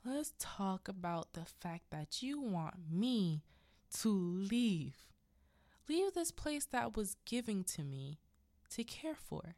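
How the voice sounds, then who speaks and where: A woman putting on a menacing, unhinged husband who taunts in a breathy half-whisper, his voice pushed a little higher than hers. The sound is dry and close, with no room around it. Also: big pitch swings, takes it slowly, pauses often, no echo, heavily acted. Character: menacing unhinged husband, middle-aged man.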